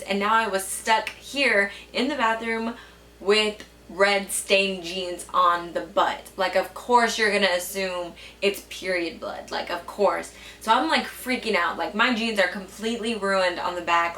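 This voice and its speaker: A woman's voice: medium pitch, pushed and bright, distant mic, a little hiss or hum. A young woman vlogger telling stories casually to the camera. She swears a lot and fills her speech with "like.". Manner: chatty, swears a lot, says "like" often. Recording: echoey room, a bit off-mic.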